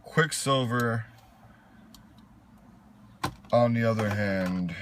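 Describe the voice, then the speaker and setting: A very deep-voiced man in casual conversation, handing out firm opinions on films. He stretches certain words for emphasis and teases his friend. A light layer of background noise runs beneath him. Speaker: co-host reviewing films. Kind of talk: casual chat.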